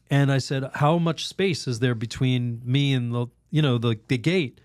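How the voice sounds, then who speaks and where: Man, priest guest, animated storyteller, laughs a lot, mid-pitched voice, dry close mic. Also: dry recording. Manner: animated, laughs often, acts out quoted voices; halting restarts and fillers. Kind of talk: storytelling in a podcast interview.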